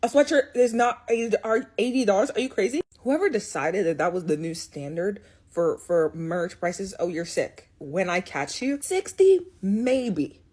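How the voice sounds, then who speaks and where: A woman's voice: mid-range voice, normal speed, darkish tone, husky. A young woman giving blunt, sarcastic opinions in a casual monologue, swearing freely. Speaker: video commentator.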